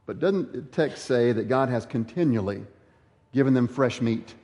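A man's voice: medium pitch, moderate pace, dark tone. A male pastor preaching an earnest sermon that is full of rhetorical questions. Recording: echoey hall.

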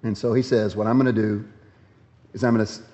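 A man's voice: flat delivery, quick pace. Man preaching in an echoing hall. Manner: acts out quoted complaints in raised voice, then drops low and quiet. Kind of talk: sermon. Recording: dull lo-fi sound in a reverberant hall.

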